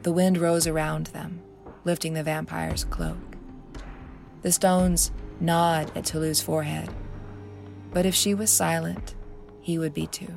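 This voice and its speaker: A woman narrating her own fantasy story in a measured, expressive way. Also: low-pitched, vocal fry, faint music behind. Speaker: author and narrator.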